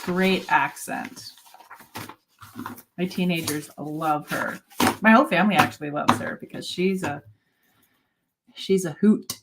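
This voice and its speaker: A woman in her forties hosting a casual live chat, talking in a halting way with many fillers and soft laughs. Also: low-pitched, background noise. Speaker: host.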